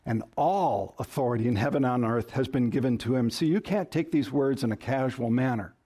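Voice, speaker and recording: A man's voice: medium pitch, fairly quick, dark tone, husky. A man preaching a sermon as pastor, emphatic, shifting his stress and pace to drive points home.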